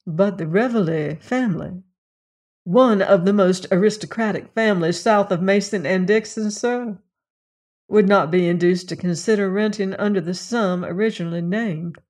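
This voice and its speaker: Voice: mid-range voice, moderate pace, a little mellow, lightly acted. A puffed-up estate agent, voiced by an audiobook reader, proud of every word, rolling out long, ornate sentences with lofty dignity. He sounds a little raised and emphatic, as though addressing a client he wishes to impress. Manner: grandiose, orotund phrasing. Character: pompous male real estate agent, proud and flowery. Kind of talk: audiobook character reading.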